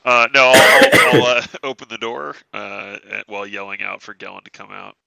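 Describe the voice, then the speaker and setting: A man's voice: on the low side, moderate pace, creaky, very noisy. A man playing a tabletop game over a video call, hesitant and stumbling over his words. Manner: hesitant, many restarts, animated. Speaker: player. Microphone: video call mic.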